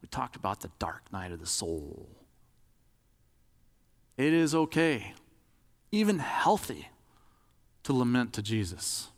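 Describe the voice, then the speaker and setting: A man's voice: mid-range voice, big pitch swings, slow, pauses often, long reverb tail. A man preaching a sermon in a conversational, demonstrative way, acting out examples as he talks.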